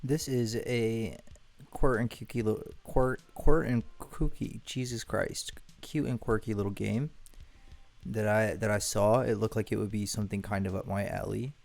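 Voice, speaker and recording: A man's voice: on the low side, steady tone, normal speed, gravelly, darkish tone. A man streaming a video game, chatting casually, rambling, correcting himself and swearing now and then. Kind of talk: casual gameplay commentary.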